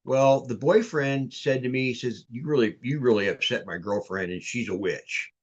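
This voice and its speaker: A man's voice: mid-range voice, normal speed, lo-fi sound. Rambling man telling a ghost story. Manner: rambling, repeats words and restarts often. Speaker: podcast guest. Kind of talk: casual storytelling chat.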